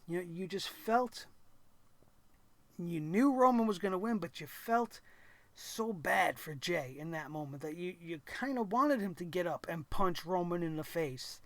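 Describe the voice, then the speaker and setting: A man hosts a wrestling reaction show and talks in an animated way, sometimes acting out the wrestlers' lines. His voice sits high for a man. The sound is dry and close, with no room echo. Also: measured pace. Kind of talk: excited wrestling commentary.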